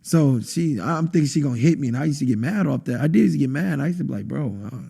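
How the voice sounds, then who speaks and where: A man, a podcast guest telling an intense personal testimony and acting out quotes with sudden high bursts. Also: lively intonation, fast talker, vocal fry, warm tone, breathy edge. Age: adult, has a wife. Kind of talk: emotional testimony in conversation.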